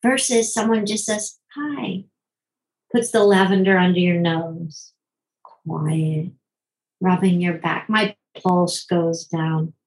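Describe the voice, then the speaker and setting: A middle-aged woman, a physician and parenting author, answering interview questions in rapid bursts that slow for emphasis, often acting out quoted voices with big pitch jumps. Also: steady tone, low-quality recording.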